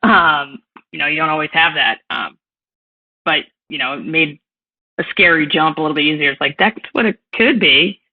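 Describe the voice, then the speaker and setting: A woman's voice: deep voice, moderate pace, breathy edge, narrow, tinny audio. A woman with a Boston accent, a former coach now in sales, talking frankly and casually as a podcast guest, peppering her speech with "like". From Massachusetts. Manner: frank, chatty, lots of "like".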